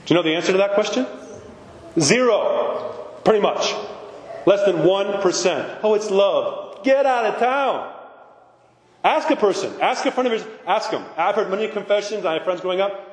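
A male priest preaching a blunt, animated sermon with mocking asides. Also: sits high, brisk. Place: church. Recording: echoey hall from far off.

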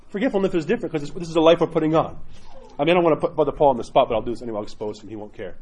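A man, a priest, teaching a class in a chatty, animated way, often acting out quotes. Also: a little high, very fast, slightly rough. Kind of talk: casual catechism class talk.

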